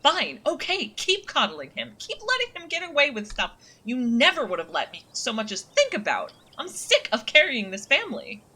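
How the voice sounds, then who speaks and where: A woman voicing a fed-up young woman in a game, shouting bitterly. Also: sits high, wildly swooping pitch, normal speed, hardly any pauses, husky, heavily acted. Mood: angry.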